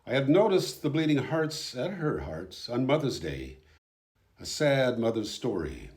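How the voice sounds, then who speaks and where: A man narrating his own documentary footage in a calm, measured, subdued voice-over. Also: medium pitch.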